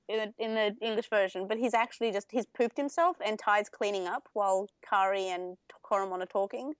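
A woman's voice: medium pitch, a little fast, hardly any pauses, a bit bright, clean tone, dry recording. A young woman co-hosting a casual podcast, recapping an anime at length with many fillers and restarts. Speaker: podcast co-host. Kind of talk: casual chat comparing anime versions.

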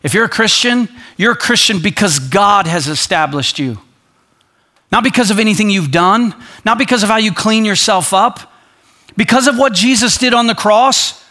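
Preaching at a moderate pace, a male pastor stays animated throughout his sermon. He performs quoted voices and sinks into a soft, low tone when he wants to emphasize something.

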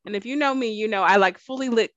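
A woman's voice: fairly high pitch, fast, fairly bright tone, no echo. Woman podcast co-host, casual and talkative, laughs a lot; dry, slightly muffled recording. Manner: chatty, laughs often, acts out quotes. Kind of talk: casual chat.

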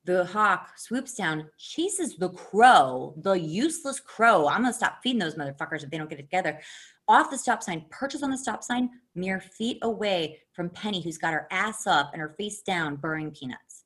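A woman telling a long, animated, profanity-laced story in casual chat, laughing often. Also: on the low side, normal speed.

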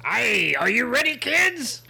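Guy putting on a squeaky gravelly pirate host, bellowing and swooping all over. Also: wildly swooping pitch, normal speed, a little hiss or hum, exaggerated voice. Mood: rowdy. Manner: shouting, sing-song, theatrical.

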